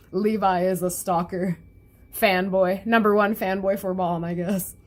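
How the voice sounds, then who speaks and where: A woman's voice: medium pitch, fairly even intonation, unhurried. A young woman chatting through a comic chapter review, laughing often and slipping into the characters' voices. Her talk is loose and rambling, full of fillers. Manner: giggly, chatty, acts out characters' lines. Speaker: webcomic reviewer.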